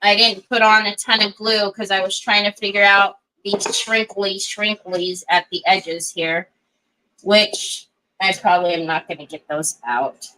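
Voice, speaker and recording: A bright-voiced, unhurried woman hosts a casual crafting chat at medium pitch and a steady tone, on a low-quality recording. She rambles through chatty stories with many asides and uses soothing baby talk with a small child.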